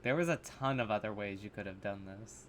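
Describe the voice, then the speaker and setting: A man's voice: on the low side, a little fast, slight background noise. A man casually reacting to horror short films, blunt and sarcastic, swearing freely and restarting his sentences. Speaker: reaction video host.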